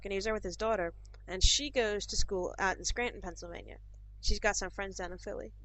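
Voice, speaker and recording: A woman's voice: mid-range voice, fairly even intonation, fast, a bit bright, slight background noise. A woman co-hosting a podcast in casual chat, rambling along with plenty of fillers. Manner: chatty, rambling, with many fillers. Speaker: podcast co-host. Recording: dull lo-fi podcast recording.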